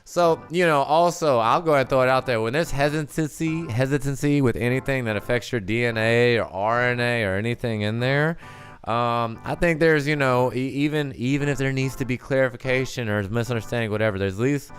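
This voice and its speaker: A man co-hosting a relaxed livestream, his talk loose, joking and full of swearing. His pitch sits in the middle, and faint music plays underneath. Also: brisk. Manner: loose, profane, joking banter. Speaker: co-host. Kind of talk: casual livestream chat.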